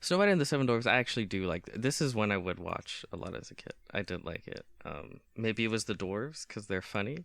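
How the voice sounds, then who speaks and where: A man with a lowish, smooth voice talks through his rankings in loose, casual chat. His pitch swings about freely while he hesitates with ums and restarts. The sound is close and dry. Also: lively intonation, brisk, hardly any pauses, fairly bright tone, no echo. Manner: hesitant, many ums and restarts, laughing often. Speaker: podcast co-host.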